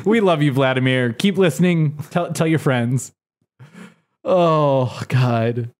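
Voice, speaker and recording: A man's voice: fairly high pitch, slow pace. A young man co-hosting a podcast, chatting casually and rambling with lots of restarts and fillers. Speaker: podcast co-host. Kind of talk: casual chat.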